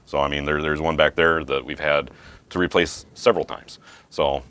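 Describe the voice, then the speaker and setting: A man's voice: a bass voice, steady tone, moderate pace, a bit bright, smooth. A man co-hosting a casual rum review show at a home bar, playful and teasing. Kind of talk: casual tasting chat.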